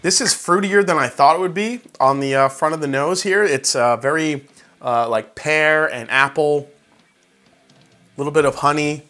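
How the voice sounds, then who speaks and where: A whiskey reviewer from New York chats his way through a tasting at a moderate pace, loaded with "like" and "uh" and excited reactions. His voice is bright and forceful, a bit high for a man, with soft music faintly beneath.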